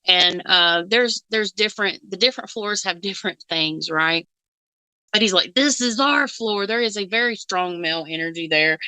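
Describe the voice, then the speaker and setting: A woman's voice: fairly low pitch, normal speed, bright, forceful tone, clean tone, dry recording, low-quality recording. A woman co-hosting a casual reaction chat as a psychic, rambling with fillers and frequent giggles. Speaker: psychic co-host.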